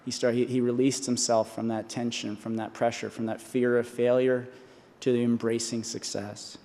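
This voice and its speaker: A man in his forties, an honorary doctorate speaker, delivers an earnest commencement address from a podium in a large convocation hall, frequently restarting and repeating himself. His medium-pitched voice is dark and level, at a moderate pace. The recording carries a long hall reverb.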